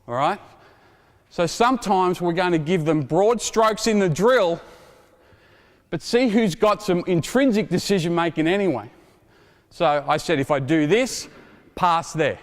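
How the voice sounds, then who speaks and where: A man in his forties coaching basketball players through a drill, energetic and joking as he calls out instructions. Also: fairly high pitch, moderate pace. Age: 40s. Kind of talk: coaching clinic demonstration. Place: indoor basketball court. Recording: reverberant gym hall. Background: basketballs bouncing.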